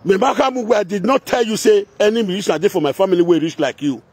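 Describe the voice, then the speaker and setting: Heated and confrontational, a man with a Nigerian Pidgin Edo accent rants, sliding into singsong chants and repetition. His high voice moves at a quick pace with a darkish, slightly rough tone, and there's no room sound.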